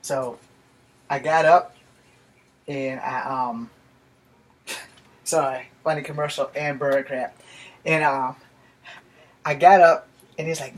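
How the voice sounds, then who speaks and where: A man's voice: medium pitch, fairly even intonation, slow pace, long pauses. A man vlogging, telling a rambling personal story full of swearing. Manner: profane and rambling. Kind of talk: casual storytelling.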